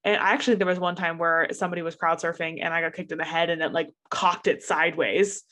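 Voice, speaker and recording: A woman's voice: lowish voice, steady tone, fast talker, pushed and bright. A young adult woman in casual chat, talking loosely with many fillers.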